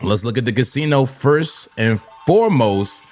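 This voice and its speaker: A man from New Jersey with a Jersey accent, hosting a live trading stream, hyped and repetitive, giving shout-outs and laughing often. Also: medium pitch, lively intonation, moderate pace, faint music behind. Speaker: crypto trading livestream host. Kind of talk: live-stream chat and market talk.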